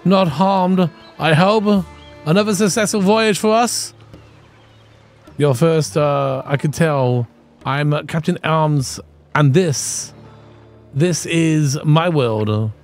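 A man voicing a seasoned, wry male ship captain, reading the game's lines aloud slowly in a raised voice. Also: a little high, faint music behind, voice pushed up. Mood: welcoming. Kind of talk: reading game dialogue aloud in character.

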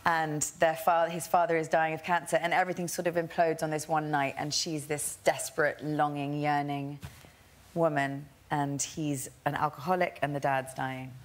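A woman's voice: low voice, moderate pace. Chatty, giggly woman telling stories. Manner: chatty, animated storyteller, giggly. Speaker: guest actress. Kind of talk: talk show anecdote.

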